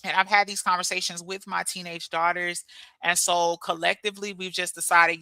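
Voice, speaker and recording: A woman in her thirties or forties hosting a casual motivational livestream and reading chat messages. She talks in an animated, preachy way and keeps repeating that she is telling you. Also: lowish voice, moderate pace, smooth, no echo.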